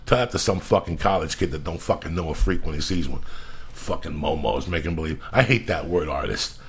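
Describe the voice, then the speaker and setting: A male podcast host telling a profane, blunt, animated story. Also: a bass voice, fairly quick, slightly rough.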